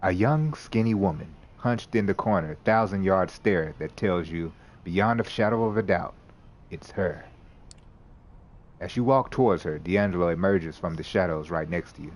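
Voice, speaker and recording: Brief: deep-voiced man reading a game script aloud, casual self-corrections, faint hiss. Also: moderate pace. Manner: laughs and corrects his own misreads. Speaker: let's play narrator. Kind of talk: reading a visual novel aloud with commentary.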